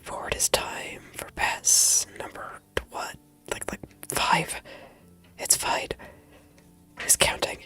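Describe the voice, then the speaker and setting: A woman streamer who has lost her voice, chatting to herself in a soft, playful whisper while she draws, close to a very sensitive mic. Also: takes it slowly, faint music behind. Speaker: streamer drawing digital art. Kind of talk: casual chat while drawing. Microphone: high-sensitivity desk mic, close.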